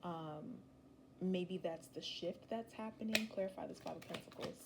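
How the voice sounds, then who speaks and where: A woman's voice: lowish voice, normal speed, very noisy. A young woman giving a casual, rambling tarot reading, chatty and slangy with emphatic asides. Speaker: tarot reader.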